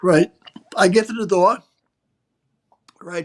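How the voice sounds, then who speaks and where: A man's voice: high voice, takes it slowly, long pauses. A man in his sixties, a guest rambling through anecdotes and checking in with the listener after every phrase. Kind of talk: casual conversational interview.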